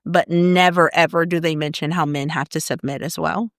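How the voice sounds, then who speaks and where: A woman co-hosting a podcast in casual chat, leading the talk through topics with lively, animated delivery and quick murmurs of agreement. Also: low-pitched, no echo, studio quality. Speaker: podcast co-host.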